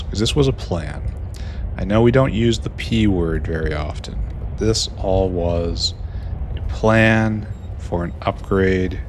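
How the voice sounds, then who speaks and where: A man's voice: sits low, slight background noise. A man thinking aloud in casual commentary while playing a game, musing and mocking himself. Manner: musing, talks to himself, dry self-mockery. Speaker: gameplay streamer.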